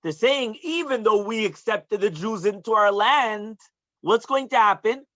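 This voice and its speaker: Rabbi giving a sermon, dull recording. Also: male voice, sits high, expressive, measured pace, a bit bright, no room sound. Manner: explains Hebrew phrases in English, asks listeners "yeah?". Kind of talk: sermon with storytelling. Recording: dull, dry close recording.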